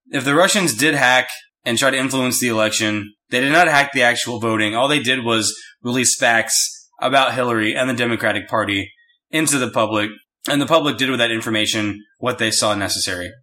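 A man's voice: medium pitch, fairly quick, sharp tone. A young man co-hosting a podcast, chatting in a rambling, teasing way. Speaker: podcast co-host. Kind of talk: casual chat.

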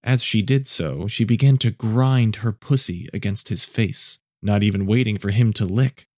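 Measured, mellow male storyteller. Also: lowish voice, no echo, clean studio sound. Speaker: narrator. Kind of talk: scripted story narration.

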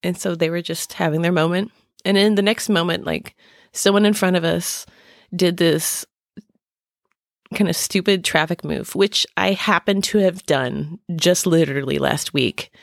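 A middle-aged woman hosting a podcast, speaking haltingly with many fillers and restarts as she searches for words. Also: lowish voice, gravelly, no room sound, studio quality. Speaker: podcast host. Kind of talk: personal podcast talk.

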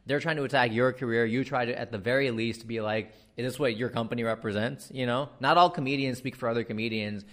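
A man with an American accent, a comedian giving a ranting monologue, animated and exasperated, swearing freely and dropping in fillers. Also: medium pitch, fast talker, hardly any pauses. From United States.

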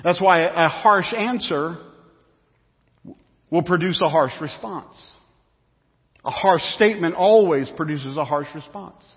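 A man's voice: a little high, a little slow, pauses often. A man preaching a sermon to a congregation in a conversational, storytelling way, recorded in an echoey church with dull sound. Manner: conversational, repetitive, anecdotal. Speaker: pastor. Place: church sanctuary.

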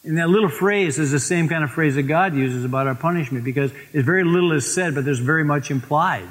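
A man preaching a sermon, telling stories and slowing down to stress scripture. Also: fairly high pitch. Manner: storytelling, slows for emphasis on scripture. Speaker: pastor. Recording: long reverb of a church hall.

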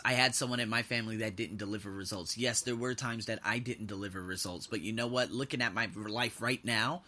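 A man in his thirties hosting a solo podcast, telling personal stories in a loose, animated way and acting out what people said. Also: medium pitch. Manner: animated storytelling, acting out quotes loudly. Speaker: podcast host. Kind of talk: casual solo podcast monologue.

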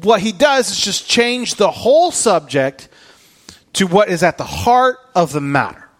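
A man preaching a casual, storytelling sermon, acting out scenes and dropping into hushed tones for weight. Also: high voice, sing-song, a little slow, faint music behind. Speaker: pastor.

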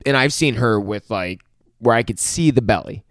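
A man's voice: fairly low pitch, moderate pace, dry recording, studio quality. Profane, rambling man recapping a show. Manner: profane, rambling, animated retelling with quoted dialogue. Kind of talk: casual TV episode recap.

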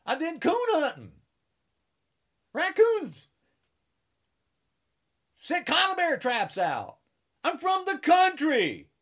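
A man in his sixties rants in a combative, taunting way and keeps hammering the same lines. His pitch swings wildly between high and low as he goes. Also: huge pitch swings, takes it slowly, pauses often, fairly bright tone. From United States. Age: 60s. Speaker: political ranter. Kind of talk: angry political rant.

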